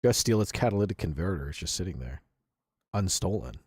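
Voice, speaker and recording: A man's voice: sits low, expressive, fast, darkish tone, slight background noise. A man streaming live, reacting to videos with profane, incredulous commentary.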